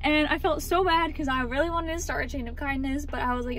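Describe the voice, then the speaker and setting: A woman's voice: high voice, steady tone, fast, fairly bright tone, soft background music. A young woman vlogging her day in a chatty, self-mocking way, sometimes dropping to a near whisper. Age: young adult. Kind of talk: casual vlog chat.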